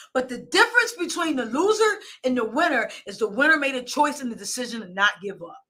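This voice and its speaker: A life coach who hosts a show gives a forceful motivational talk streamed live from a phone or camera, bluntly repeating her points and demanding more of those listening. Her voice is high-pitched, bright and emphatic.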